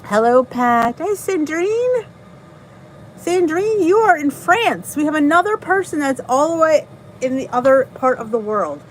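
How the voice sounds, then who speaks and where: A woman's voice: sits high, lively intonation, measured pace, slight background noise, poor audio. A middle-aged woman with a New Jersey accent, hosting a casual live stream, chatting, greeting viewers and laughing at herself. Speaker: channel host reading live chat.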